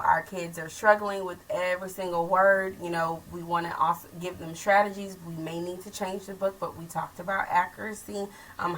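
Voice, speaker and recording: A woman's voice: on the low side, sharp tone, distant mic, rough recording. A woman hosting a casual school talk show for parents, chatty with many asides. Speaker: host.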